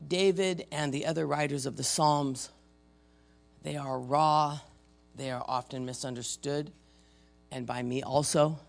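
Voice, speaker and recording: A man in his fifties or older preaching a sermon conversationally, reading scripture aloud with dramatic swings between loud and soft. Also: fairly high pitch, steady tone, a little slow, creaky, long pauses. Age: 50s or older.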